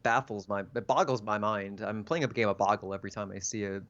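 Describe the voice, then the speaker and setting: A man co-hosting a podcast in casual chat, full of fillers, jokey and quick to laugh. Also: fairly low pitch, fairly even intonation, fairly bright tone. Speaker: podcast co-host. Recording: dull lo-fi mic.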